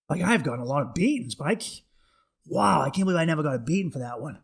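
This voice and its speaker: A man's voice: a little high, expressive, fast talker, vocal fry, a bit bright, husky. A young man hosting his podcast, telling stories in a loose, profane, rambling way. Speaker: podcast host. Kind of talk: casual monologue.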